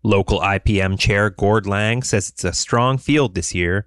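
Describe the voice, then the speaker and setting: A man reading local radio news in a low, steady voice. His delivery is measured and even. The sound is dry and close, with no room around it. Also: smooth, dry recording. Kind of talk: scripted news report. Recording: dry studio voice.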